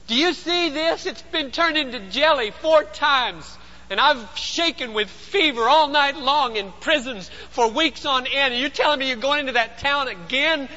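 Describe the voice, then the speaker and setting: A man voicing an exhausted human body that loudly refuses to go on, whining and protesting. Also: extremely high pitch, normal speed, in a large hall, lo-fi sound, voice pushed up. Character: weary complaining human body, refusing, male.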